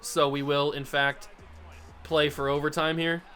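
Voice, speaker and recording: A man's voice: a little high, level tone, unhurried, sharp tone, soft background music. A young man hosting a football video game playthrough, commenting casually and mocking himself as he swings between groans and yelps. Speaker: gaming YouTuber host.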